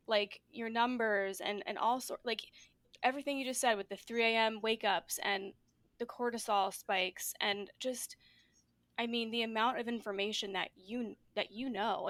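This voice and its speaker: A woman's voice: mid-range voice, a bit bright, dry recording. A woman hosting a podcast in a loose, chatty way. Her talk wanders, full of fillers and "like"s. The sound is close and dry, with no room around it. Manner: rambling, with many fillers and "like"s. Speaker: podcast host. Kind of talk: casual podcast conversation.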